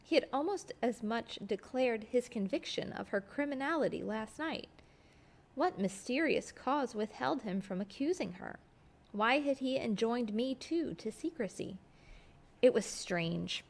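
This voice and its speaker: A woman storyteller reading a classic novel aloud in a steady, expressive way. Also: a little high, unhurried, vocal fry.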